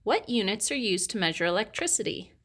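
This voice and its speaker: A woman reading scripted memory facts for a lesson, announcing each subject crisply. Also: medium pitch, sing-song, a little fast, a bit bright.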